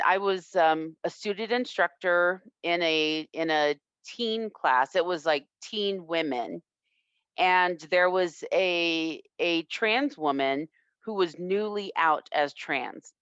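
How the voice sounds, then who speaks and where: A woman self-defense instructor telling a personal story in an interview, reflective and earnest with halting restarts. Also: sits low, a bit bright, smooth, no echo. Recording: dull lo-fi, dry sound.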